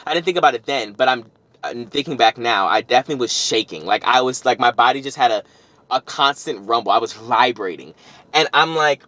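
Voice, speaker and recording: A young man telling a story on his vlog, rambling and animated, with frequent restarts and self-corrections. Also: mid-range voice, dry recording. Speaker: vlogger.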